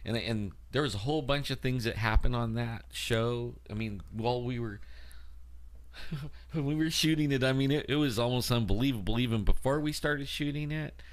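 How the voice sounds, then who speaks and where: A man's voice: mid-range voice, normal speed. A man co-hosting a paranormal talk show, telling a rambling story in a casual way, full of "like" and "you know.". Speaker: co-host and field investigator. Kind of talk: casual chat.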